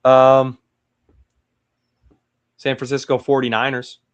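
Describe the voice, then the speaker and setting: A man's voice: medium pitch, completely flat delivery, takes it slowly, smooth, highs cut off. A young man hosting a solo mock draft breakdown, thinking aloud with hesitant restarts. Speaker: sports channel host.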